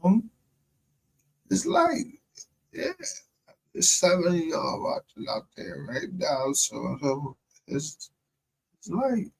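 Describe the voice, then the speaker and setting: A man's voice: a little high, big pitch swings, slow pace, gravelly, long pauses, husky, low-quality recording. A man hosting a livestream, rambling in casual, profane commentary and laughing often. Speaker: livestream show host.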